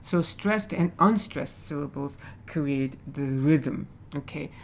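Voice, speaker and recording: A man teaching a literature class, speaking haltingly and checking in with the students after nearly every point. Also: fairly high pitch, creaky. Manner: hesitant, many fillers. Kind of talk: classroom lecture.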